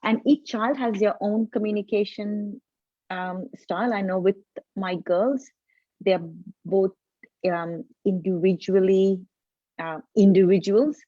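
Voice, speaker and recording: A woman's voice: medium pitch, slow pace, dark tone, no echo, lo-fi sound. A woman in her forties, a parenting coach, explaining earnestly in a casual live video chat, often restarting her sentences. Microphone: video call.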